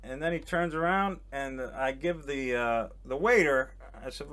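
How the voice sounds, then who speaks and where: A man's voice: mid-range voice, unhurried, hardly any pauses, fairly bright tone. A man and comedian, a guest telling a rambling, self-mocking story as a casual chat on a boat. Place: on a boat in a harbor.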